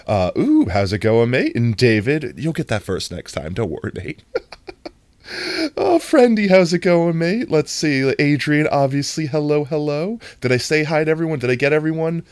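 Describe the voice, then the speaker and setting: A livestream host chatting casually with viewers, excitable and playful, often breaking into long laughing fits. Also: mid-range voice, normal speed, no echo. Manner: excitable, greets chat by name; playful, jokey self-talk. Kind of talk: casual live-stream chat.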